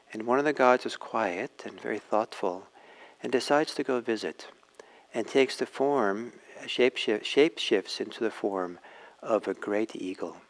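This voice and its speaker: Male meditation teacher, low-pitched with gravel in the voice, calm halting storyteller. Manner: gentle, unhurried storytelling with many pauses and fillers. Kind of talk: dharma talk storytelling.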